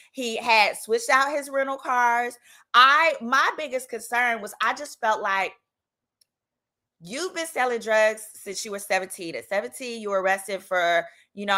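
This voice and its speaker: A woman's voice: a little high, sharp tone. A woman attorney and host telling a personal story in a casual, sassy way, jumping into voices for the people she quotes.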